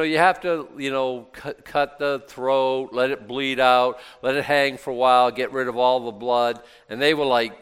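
A man with a smooth, resonant voice teaches through scripture in a hall with a long echo. He reads the verses loudly and then drops his voice for sarcastic, casual comments on them. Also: medium pitch. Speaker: Bible teacher. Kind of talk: Bible study teaching, reading scripture aloud.

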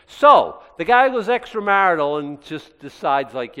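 A man preaching with a lively, swinging voice and playful, jokey asides. His voice carries through a big hall with a long, trailing echo. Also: fairly high pitch, unhurried, few pauses, smooth. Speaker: pastor. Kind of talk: sermon.

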